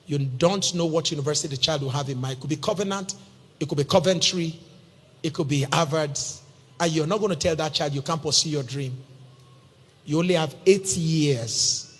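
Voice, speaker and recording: Nigerian male pastor, high husky voice, echoing hall, storytelling sermon with humor. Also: moderate pace. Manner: storytelling, humorous, addresses listeners as sir. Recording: long hall reverb.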